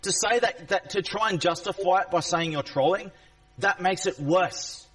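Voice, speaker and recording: A man's voice: high voice, moderate pace, a bit bright, distant mic, poor audio. A man in an angry, confrontational rant at a chat viewer during a live stream, repeating himself and swearing.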